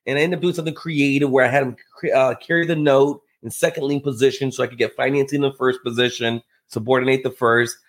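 A man telling a story as a podcast guest, acting out the people in it with lively jumps in his voice. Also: fast talker, hardly any pauses. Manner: animated, acts out quotes with big pitch jumps. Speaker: podcast guest, real estate investor. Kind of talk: casual storytelling in conversation.

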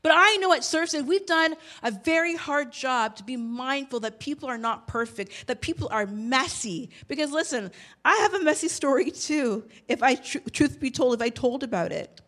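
A woman's voice: high voice, lively intonation, moderate pace, a bit bright. A woman in her thirties preaching a sermon, telling a personal story with bursts of emotion. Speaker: pastor.

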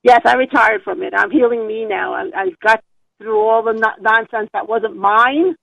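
An older woman with a New York accent calls in to a show and talks in a halting, rambling way. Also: fairly high pitch, fairly even intonation, gravelly, a bit bright, dry recording. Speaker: caller. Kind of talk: phone-in call. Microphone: telephone. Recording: tinny phone line.

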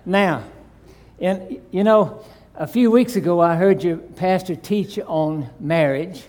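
A man's voice: sits high, slow, a little mellow. A man in his sixties or seventies, a visiting preacher in a church, talking in a folksy, self-deprecating way before a reverent prayer and scripture reading. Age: 60s or 70s. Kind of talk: sermon.

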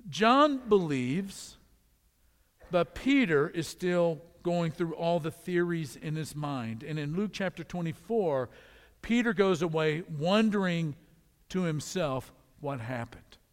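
A man preaching a sermon, moving between loud emphatic repeated calls and quiet, low storytelling. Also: lively intonation, slow, big-room sound.

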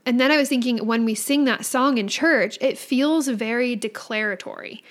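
A somewhat high-pitched woman talks as a podcast co-host, earnest and animated about faith. Her delivery is conversational and expressive. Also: normal speed. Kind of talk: casual religious discussion.

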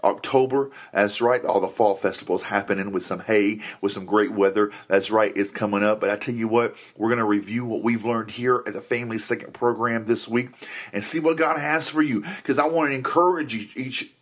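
A man's voice: lowish voice, fairly even intonation, brisk. A middle-aged man hosting a Christian family podcast, upbeat and jokey, often saying "that's right" as he motivates listeners. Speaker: podcast host.

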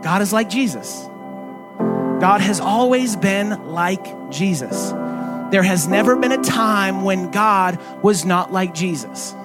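Male pastor, high pitch, loose conversational preaching with rhetorical questions. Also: animated, slow, loud music behind the voice. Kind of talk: sermon.

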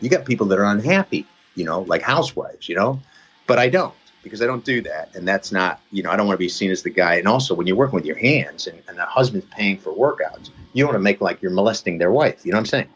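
A man with a husky, fairly low voice tells a winding story in relaxed chat, padding nearly every thought with "you know" and restarts. The sound is dull and lo-fi, like a muffled call. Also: fast talker. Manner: rambling, lots of "you know" fillers. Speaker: podcast guest, personal trainer. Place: lives near Reading, England.

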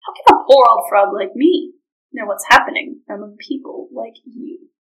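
A woman doing a gentle old giant frog. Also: on the high side, normal speed, close to an everyday voice, low-quality recording. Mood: pleading.

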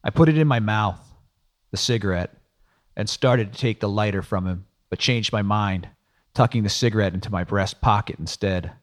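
A man's voice: on the low side, moderate pace. A man narrating a first-person audiobook in a dry, sardonic storytelling manner.

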